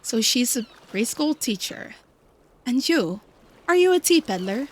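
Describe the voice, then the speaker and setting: A woman's voice: a little high, sing-song, measured pace. A woman voicing a cold, clinical android woman. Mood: guarded. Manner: clipped, clinical, suspicious.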